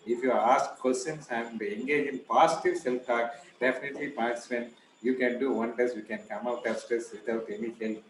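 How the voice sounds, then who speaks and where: A man's voice: medium pitch, fairly quick. A man with an Indian English accent giving an informal lecture, telling stories and acting out the quoted voices. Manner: animated storytelling, acts out quoted voices. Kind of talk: informal lecture on stress and self-talk. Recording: echoey room, noisy background.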